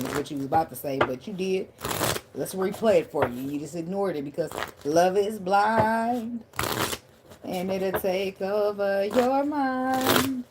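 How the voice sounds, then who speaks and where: A woman's voice: medium pitch, measured pace, very noisy. A woman giving a casual tarot reading in a blunt, profane, conversational way. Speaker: tarot reader.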